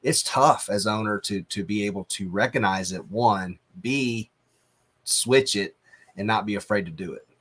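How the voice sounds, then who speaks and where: A man's voice: fairly low pitch, normal speed, a bit bright, slightly rough. A man hosting a business podcast, asking questions and sharing views in a loose, enthusiastic way. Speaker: podcast host. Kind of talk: interview conversation.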